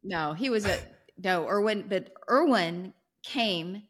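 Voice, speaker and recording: A woman's voice: medium pitch, lively intonation, slow pace. A woman in her sixties from North Carolina, a guest in an interview, self-deprecating and laughing as she talks. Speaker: guest, pastor's wife. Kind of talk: casual interview talk.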